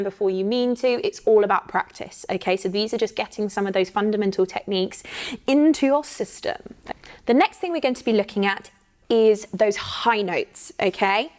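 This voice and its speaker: A woman's voice: medium pitch, normal speed. A woman, teaching an online singing workshop in an encouraging way and checking in often with "okay?". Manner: counts in and sings demo phrases.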